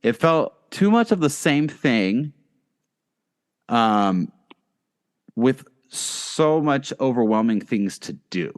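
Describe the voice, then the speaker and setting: A man's voice: medium pitch, animated, slow pace, pauses often, smooth. A man co-hosting a casual podcast, talking loosely with many fillers and restarts. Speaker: podcast co-host.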